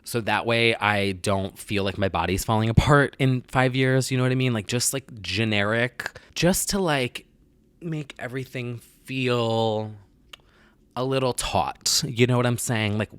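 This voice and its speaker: A man's voice: mid-range voice, normal speed, a bit bright, clean tone, no echo. A young man talking casually to camera as a vlog host, rambling, self-deprecating and candid, filling his talk with "like.". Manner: confessional and candid. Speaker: vlogger host.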